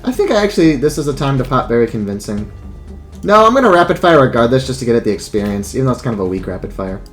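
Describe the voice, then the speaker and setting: A man's voice: mid-range voice, big pitch swings, very fast, soft background music. A man giving casual let's play commentary, thinking aloud and swearing freely as he plans his moves. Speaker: gameplay commentator.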